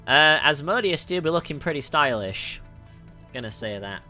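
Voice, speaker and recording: A slightly high male voice with lively intonation, moving at a moderate pace and sounding pushed and bright. He's a Northern English-accented music producer from the north of England, reading chat questions during a livestream Q&A while laughing a lot and correcting himself through frequent ums.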